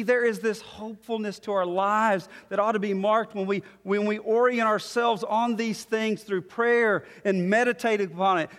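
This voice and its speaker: Male preacher, high voice, animated delivery, sermon in a hall with long reverb. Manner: animated, acts out quoted voices.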